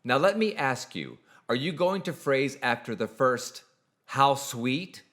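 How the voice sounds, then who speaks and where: Male voice teacher reading a prepared lesson, careful and exact, with a lively pitch contour. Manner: measured, precise, explanatory. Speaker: singing teacher. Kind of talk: scripted instructional narration.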